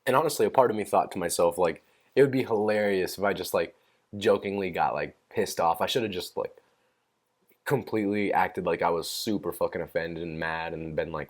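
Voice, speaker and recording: A man's voice: sits low, brisk. A young man hosting a solo podcast, telling a story in a rambling, profane way with plenty of fillers and amused laughs. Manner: amused, laughs at own stories. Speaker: podcast host. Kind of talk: casual solo rant.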